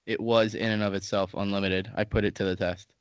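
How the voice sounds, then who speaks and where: A man's voice: lowish voice, flat delivery, a little fast, clear, resonant tone, no room sound. A man co-hosting a podcast, telling loose, profane stories in casual chat. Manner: crude, swearing, laid-back storyteller. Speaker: podcast co-host.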